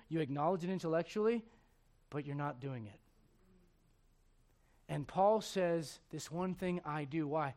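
Young male pastor, high voice, dynamic preaching with humorous asides. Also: moderate pace, long pauses. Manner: dynamic preaching, swinging from quiet asides to loud exhortation; humorous, acts out quoted voices. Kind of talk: sermon.

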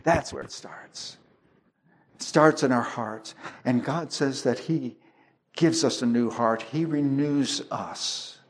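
A man preaching a sermon, explaining scripture with everyday illustrations and frequent restarts. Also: medium pitch. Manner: slow, deliberate preaching with homely illustrations and restarts. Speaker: pastor.

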